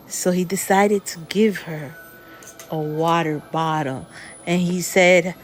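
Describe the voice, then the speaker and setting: A woman casually telling a scary story in a rambling, unhurried way, full of fillers like "he goes". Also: lowish voice, faint music behind.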